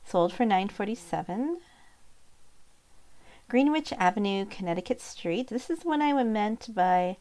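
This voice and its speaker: Woman from Montana, low and gravelly, easygoing chatty seller showing postcards to camera. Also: warm tone. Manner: chatty, thinking aloud with fillers and asides. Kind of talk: casual sales recap vlog.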